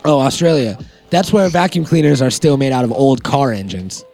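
A man's voice: medium pitch, lively intonation, normal speed, a little mellow, faint music behind. Joking man chatting on a podcast. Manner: joking, swears a lot, acts out quotes. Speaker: podcast co-host. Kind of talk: casual chat.

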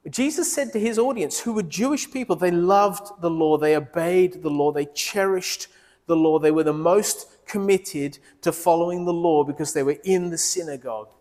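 A man preaching a sermon in a church, earnest, dropping low and soft when he quotes Jesus. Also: moderate pace. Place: church hall. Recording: long reverb of a large hall.

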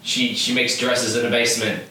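A man's voice: medium pitch, little pitch movement, moderate pace, pushed and bright. A man co-hosting a podcast, blunt and wryly sarcastic while recapping a film. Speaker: podcast co-host. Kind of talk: casual movie recap chat. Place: room, eating while talking. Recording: very echoey, distant mic with faint hiss.

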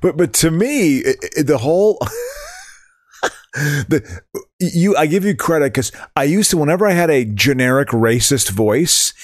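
A man's voice: on the high side, expressive, a little slow, no echo, studio quality. A man co-hosting a casual podcast, talking with stammering restarts. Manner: stammering restarts, movie-trivia talk. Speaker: podcast co-host. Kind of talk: casual chat.

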